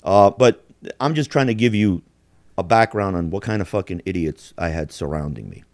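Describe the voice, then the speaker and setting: A man's voice: sits low, lively intonation, moderate pace, a little mellow, no room sound, studio quality. A man in his forties hosting a podcast, telling stories in a blunt, profane, rambling way. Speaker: podcast host. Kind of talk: casual storytelling chat.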